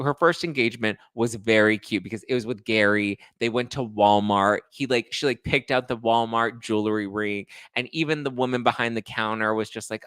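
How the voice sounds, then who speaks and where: A man with a fairly low voice hosts a gossip show in a loose, chatty style. He scatters fillers through his talk and drops sarcastic asides. The sound is dry and close-miked. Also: moderate pace, a bit bright, clean tone, no echo. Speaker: pop culture podcast host. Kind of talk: casual gossip commentary.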